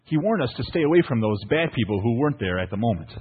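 A man's voice: medium pitch, very animated, quick pace, slightly rough, long reverb tail, phone-quality sound. A pastor, preaching a sermon to his congregation in a playful storytelling manner, often asking "right?". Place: church.

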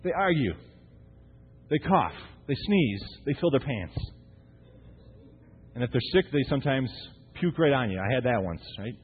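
In a tinny, echoey church recording with slight background noise, a thirtysomething pastor gives a humorous, conversational sermon from the sanctuary and keeps asking his congregation rhetorical questions. His mid-range voice swings widely in pitch, moving at normal speed with long pauses.

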